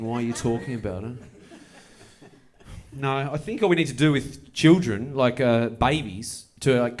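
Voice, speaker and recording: A male stand-up comedian. He tells a long story on stage with dry, deadpan timing and then climbs into excited bursts. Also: medium pitch, a little hiss or hum. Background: audience laughter.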